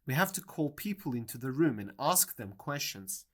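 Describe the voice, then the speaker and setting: A reader voicing a fussy white rabbit acting as court herald, reciting in a slow, sing-song way. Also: mid-range voice, big pitch swings. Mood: announcing. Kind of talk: storybook audiobook reading.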